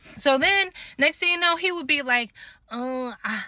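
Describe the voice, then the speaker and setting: A woman's voice: extremely high pitch, normal speed, sharp tone, dry recording, studio quality. A young woman in a casual storytime vlog, talking animatedly with lots of swearing and laughing at her own story. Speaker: storytime vlogger.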